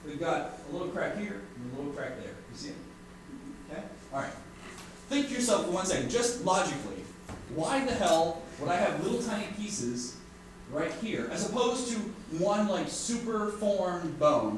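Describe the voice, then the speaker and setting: A man teaching an art class to students, joking and animated, who keeps checking in with "right?". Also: high-pitched. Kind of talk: classroom lecture. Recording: echoey room from far off with faint noise.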